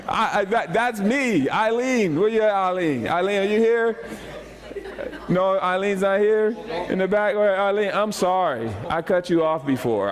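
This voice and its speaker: A male pastor delivers a casual, humorous sermon in a church. His voice sits high for a man, and he talks in quick bursts, repeating phrases and calling out to the congregation. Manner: animated, jokey, repeats phrases, speaks to the congregation. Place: church sanctuary.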